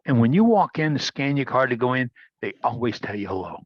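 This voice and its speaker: A man's voice: medium pitch, big pitch swings, brisk, dry recording. A man chatting on a video call, drifting through a long, rambling anecdote. His voice comes through dull and dry, with no room sound around it. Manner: rambling storyteller with restarts. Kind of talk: casual video-call chat.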